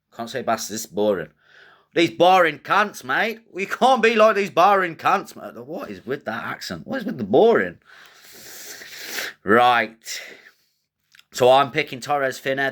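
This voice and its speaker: Crude, joking man with a lowish voice. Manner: animated, joking, crude trash talk. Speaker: fight predictions host. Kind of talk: casual fight-pick commentary.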